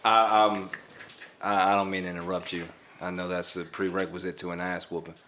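A man's voice: low-pitched, flat delivery, fairly quick, pushed and bright, slight background noise. A man, a guest on a casual podcast, talking in a wry, self-mocking way with formal wording and frequent laughs. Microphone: chewing candy near the mic.

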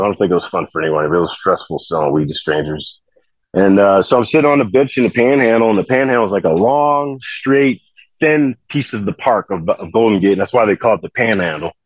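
Low-voiced rambling man, dry lo-fi sound. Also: a little fast, no echo. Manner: rambling, full of "you know" fillers and restarts. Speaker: podcast guest telling stories. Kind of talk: casual storytelling.

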